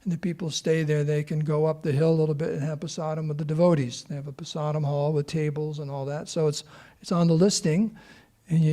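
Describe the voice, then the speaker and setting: A man leads an informal scripture class and wanders through his stories. His voice sits somewhat high yet sounds dark and mellow, with a gravelly edge. He talks casually and rambles. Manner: chatty, rambling storytelling.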